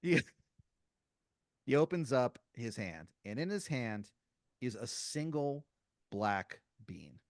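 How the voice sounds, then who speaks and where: A man's voice: mid-range voice, very animated, takes it slowly, long pauses, no room sound, studio quality. A man co-hosting a comedy podcast, narrating an improvised scene in second person. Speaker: podcast co-host running the improv.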